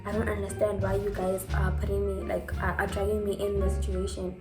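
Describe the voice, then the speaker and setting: A woman's voice: medium pitch, completely flat delivery, a little fast, over loud music, close to an everyday voice. A woman voicing a young man who is exasperated at being dragged into an argument. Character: young man, fed-up bystander. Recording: echoey room.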